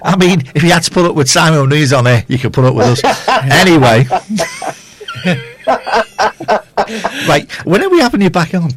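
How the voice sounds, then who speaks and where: Male radio co-host, playful and teasing, very animated delivery. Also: a little high, normal speed, long pauses, background noise. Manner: teasing, jokey, lively. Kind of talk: casual radio banter.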